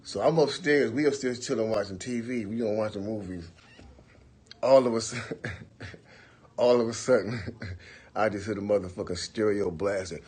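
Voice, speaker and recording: A man with a deep, husky voice, spinning loose stories on a phone livestream. He talks in a relaxed, profane drawl and keeps circling back to "for real" and "you know what I'm saying". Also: moderate pace, pauses often. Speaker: livestream host. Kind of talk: casual storytelling to viewers.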